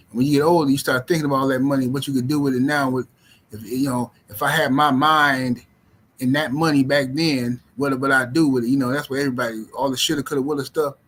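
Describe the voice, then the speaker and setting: A middle-aged man hosting a livestream, talking casually in animated, slangy speech and repeating himself. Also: mid-range voice, slight background noise. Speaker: livestream host. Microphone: streaming mic.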